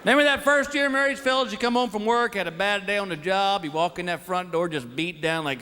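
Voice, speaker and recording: On stage in a large theater, a stand-up comedian tells exasperated, folksy stories, acting out both his wife and himself. His voice is high-pitched and a little fast with few pauses, and there's slight hiss or hum. The live recording carries loud laughter from the crowd.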